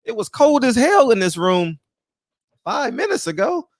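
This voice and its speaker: A man's voice: very high voice, huge pitch swings, measured pace, gravelly, dry recording, studio quality. A man, hosting a live-streamed boxing talk show, greeting viewers by name in loose, casual chat, swearing easily and laughing often. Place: small room.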